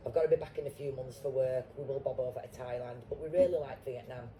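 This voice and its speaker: A middle-aged Yorkshire woman chatting as a guest, blunt and salty-tongued. Her voice is very dark and mellow, and a faint hiss sits under the recording. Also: extremely low pitch, fairly even intonation, fast, rough recording. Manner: blunt, swearing, storytelling. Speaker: guest actor. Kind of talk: casual chat.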